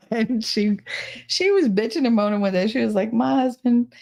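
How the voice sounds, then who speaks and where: A middle-aged woman co-hosting a podcast, telling stories in casual chat with a blunt, profane and animated manner. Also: a little high, normal speed. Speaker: podcast co-host.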